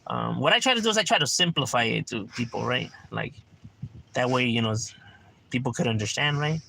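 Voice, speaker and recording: A little fast and animated, a man streaming from home reads his chat in a creaky, pushed, bright voice of medium pitch. He chats loosely with slang and profanity, repeatedly checking in with "right?"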